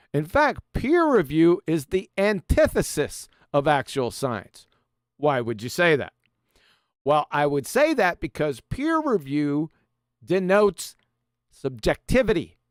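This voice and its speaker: A man's voice: high-pitched, smooth, no room sound, studio quality. A man hosting a live stream and presenting slides in a combative, mocking, emphatic manner. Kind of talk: casual live-stream lecture.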